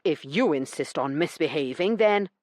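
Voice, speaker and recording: A woman voicing a stern, blunt gentleman who lectures with dry sarcasm in an audiobook. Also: deep voice, lively intonation, moderate pace, dry recording. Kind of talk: audiobook character reading.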